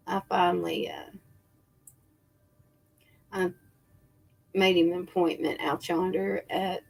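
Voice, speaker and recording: A woman's voice: medium pitch, vocal fry, a little mellow. A middle-aged woman chatting casually to viewers, rambling with many fillers and restarts. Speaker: spiritual livestream host.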